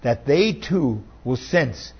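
A man's voice: medium pitch, lively intonation, gravelly, slightly rough, highs cut off. A man, a pastor, reading scripture aloud in a church service and leading prayer, lifting and stressing the quoted words. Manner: reads slowly, lifting and stressing quoted lines.

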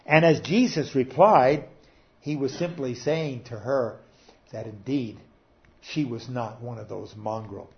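Earnest male preacher on lo-fi audio. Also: measured pace. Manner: earnest, rising to emphatic peaks and dropping low. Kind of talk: sermon. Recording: dull lo-fi recording.

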